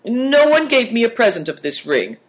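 A man voicing a bold, quick-witted young boy in a storybook reading, formal and eager to please. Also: very high-pitched, sing-song, voice pushed up. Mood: earnest.

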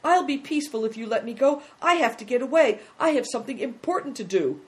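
A woman voicing a wild young herd boy who shouts and then pleads through tears, in a storybook reading. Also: a little high, lively intonation, fast, voice pushed up, close to an everyday voice. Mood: pleading, tearful.

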